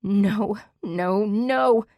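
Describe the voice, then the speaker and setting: A woman's voice: medium pitch, extremely slow, a little mellow, dry recording, studio quality, voice pushed up. A woman voicing a distraught young woman in a fantasy audiobook, shrieking her lines in desperate, sobbing fury. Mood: screaming despair.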